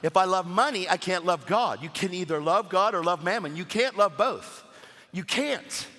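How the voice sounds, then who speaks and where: A man preaching a sermon at a church service, animated and casual, with slangy asides to the crowd. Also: high voice, moderate pace, in a large hall.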